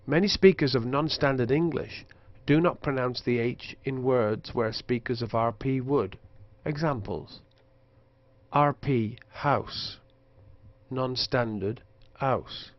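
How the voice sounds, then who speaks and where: A man narrating a linguistics lesson in a measured, scripted way, slowing down to demonstrate pronunciations. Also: mid-range voice, highs cut off. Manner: slow careful demonstrations of pronunciation. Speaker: lecturer.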